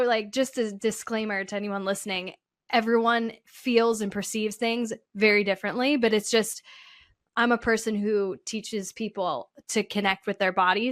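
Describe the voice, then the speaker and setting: A woman's voice: mid-range voice, no echo, clean studio sound. A woman hosting an interview, asking frank, curious questions in a conversational way. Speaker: podcast host, pelvic floor therapist.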